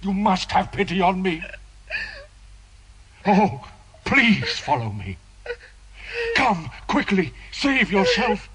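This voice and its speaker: A tormented, obsessive priest in a radio drama, his anguished pleas drawn out slowly. He swings from hushed longing to outbursts, in a somewhat raised voice. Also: high-pitched, very animated, crowd noise, full character voice, rough recording. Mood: desperate urging. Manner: anguished, pleading, veering from hushed to shouting. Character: tormented obsessive male priest, middle-aged.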